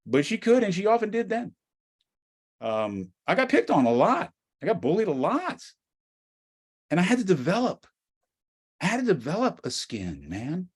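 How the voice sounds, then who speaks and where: A husky voice on the high side belongs to a middle-aged man from the United States with an American accent. As a guest speaker he tells stories animatedly, swinging between soft asides and near-shouts.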